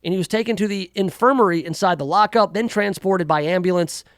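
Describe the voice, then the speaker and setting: A man's voice: high-pitched, a little fast, no room sound, clean studio sound. A man hosting a talk radio show, delivering a rambling, sarcastic monologue full of jokey asides. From United States. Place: radio studio.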